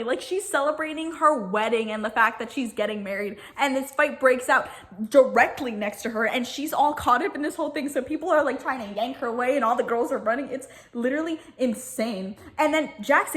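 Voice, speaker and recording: A woman's voice: sits high, a bit bright. A woman vlogger retelling reality TV drama in a casual, gossipy way, full of "like" and quoted voices. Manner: chatty, gossipy, lots of "like", quick quoted voices. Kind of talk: casual recap storytelling.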